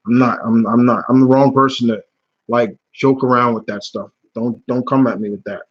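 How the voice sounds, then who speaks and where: Husky-voiced man ranting on a live stream. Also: medium pitch, steady tone, moderate pace. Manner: blunt and heated, swearing, with many restarts. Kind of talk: casual live-stream talk. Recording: dull lo-fi stream audio.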